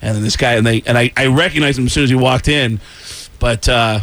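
A man, a stand-up comedian, telling a story in casual chat, animated and laughing through lines. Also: mid-range voice, a little fast, dry recording. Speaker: stand-up comedian and voice actor guest.

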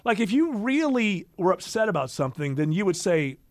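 A man's voice: sits high, sing-song, brisk, dry recording. A man hosting a casual podcast chat, talking in a rambling way with many restarts. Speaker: podcast host.

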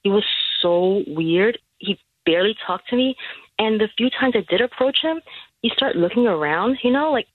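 A woman phoning in to a radio show, hesitant and halting, often restarting her sentences. Her voice comes through a thin, tinny phone line. The sound is dry and close, with no room around it. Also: mid-range voice, expressive, dry recording. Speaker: radio caller. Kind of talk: phone-in chat. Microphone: telephone.

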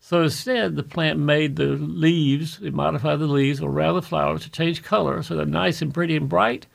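A man's voice: on the high side, fairly even intonation, moderate pace, vocal fry. A man hosting a radio garden show, telling stories in a folksy way and acting out the people in them. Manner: folksy storyteller, acts out quoted people. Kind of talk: radio talk show chat.

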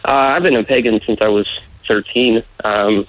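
A man speaking in a measured way as a guest on a casual radio interview, laughing often. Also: lowish voice, fairly even intonation, no echo, low-quality recording. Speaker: political candidate guest.

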